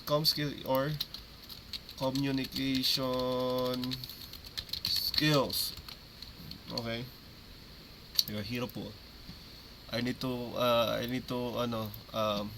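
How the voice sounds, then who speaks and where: A man's voice: medium pitch, pushed and bright, slight background noise. A man, coaching an esports team in a meeting. He repeats key terms and keeps checking that his listeners follow.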